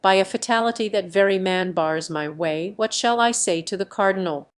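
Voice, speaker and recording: A woman's voice: mid-range voice, normal speed, natural voice. An impassioned young swordsman, torn and crying out in an adventure audiobook, as a woman reads his lines. He speaks in a mid-range voice with fervent outbursts. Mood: anguished. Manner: passionate exclamations. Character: fiery Gascon swordsman lieutenant, man.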